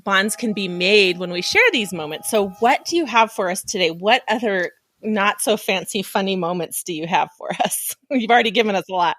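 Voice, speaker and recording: A woman hosting a podcast, chatting casually with her guest, encouraging and quick to giggle. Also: medium pitch, lively intonation, fairly bright tone. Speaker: podcast host. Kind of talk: casual interview chat.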